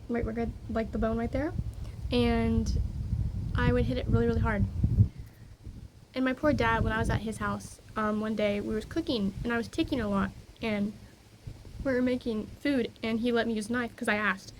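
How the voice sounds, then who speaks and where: A young woman with a slightly high voice chats loosely in a personal vlog, drifting off on tangents and filling gaps with ums. She films herself on a phone outside by a backyard garden, with faint outdoor ambience behind her. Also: steady tone, normal speed, background noise. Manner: rambling, easily distracted, frequent fillers. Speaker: vlogger. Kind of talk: casual personal vlog chat.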